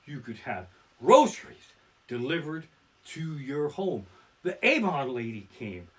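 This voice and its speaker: A man's voice: on the high side, big pitch swings, a little slow, fairly bright tone. A man doing a profane, crude stand-up set, live-streamed from his living room. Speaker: stand-up comedian. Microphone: barebones home streaming mic.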